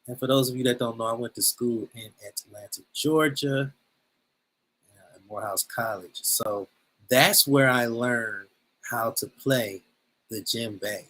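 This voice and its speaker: Man, bright tense tone, animated storyteller presenting over a video call. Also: medium pitch, measured pace, low-quality recording. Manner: lively storyteller, acts out quotes. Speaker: presenter, drummer. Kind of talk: animated storytelling at an info session.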